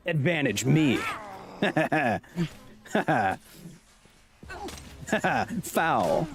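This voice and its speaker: Man, 30s, game streamer: lively, bouncy pitch, jokey, chuckles a lot, desk mic in a home room. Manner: animated, jokey, chuckles often, drifts into explaining science. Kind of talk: casual gaming commentary.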